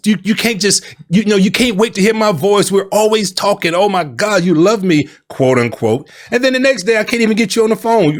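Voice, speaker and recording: Lively high-voiced man coaching on love. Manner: lively and colloquial, acts out little quoted exchanges, calls listeners baby and boo. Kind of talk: preaching-style advice talk to camera.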